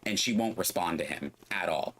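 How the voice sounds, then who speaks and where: A man with a low, slightly bright voice streams a game while casually telling a long, rambling story at a moderate pace. He fills it with "like" and other fillers and acts out the characters' voices. There's slight background noise.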